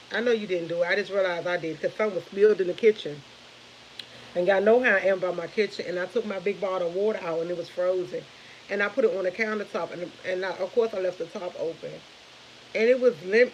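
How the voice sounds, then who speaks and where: Woman, thirties, casual morning live chat, rambling, laughs a lot, mid pitch. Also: slight background noise, rough recording. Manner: rambling, chatty, laughs often. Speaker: live stream host.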